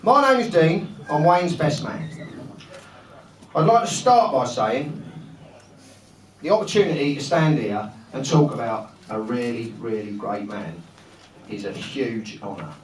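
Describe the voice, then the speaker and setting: A man's voice: mid-range voice, expressive, measured pace, pauses often, slight background noise. A man giving a joking, flustered best man speech at a wedding, laughing often. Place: large function room full of guests. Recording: roomy, from far off, loud crowd. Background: loud laughing crowd.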